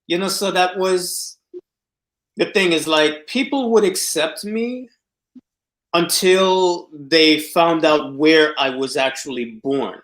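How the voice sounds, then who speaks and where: A man's voice: on the high side, slow pace, a bit bright. Man telling a story in an echoey room. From United States. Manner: anecdotal, laughs while telling the story. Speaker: discussion guest. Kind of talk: casual storytelling chat.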